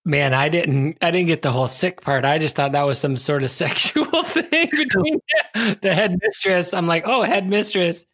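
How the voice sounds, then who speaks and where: A man's voice: a little high, lively intonation, moderate pace, fairly bright tone, no echo. A man in casual chat about a movie, laid-back and making joking asides.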